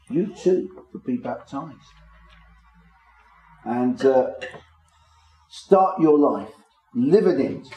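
A man teaching from the Bible to a small congregation in a measured, explanatory way, stressing key words. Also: mid-range voice, dark tone, lo-fi sound. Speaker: preacher. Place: room with a small gathering. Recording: echoey room.

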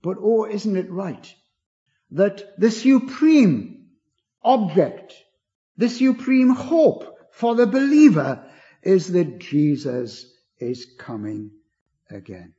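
An older man preaching a sermon, earnest and gentle, his voice rising on key words and falling away low. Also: lively intonation, slow. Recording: dull lo-fi recording.

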